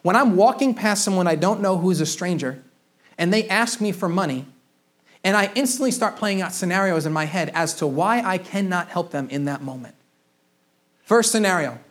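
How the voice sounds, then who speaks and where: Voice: mid-range voice, lively intonation, normal speed. Conversational preacher giving a sermon. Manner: conversational, addresses the congregation directly; frequent word repetitions and restarts.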